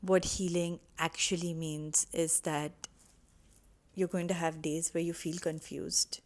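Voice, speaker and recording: A woman's voice: lowish voice, level tone, slow. A woman talking to camera, earnest and reassuring as she shares personal advice. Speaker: vlogger sharing personal healing advice. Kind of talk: casual heartfelt talk to camera.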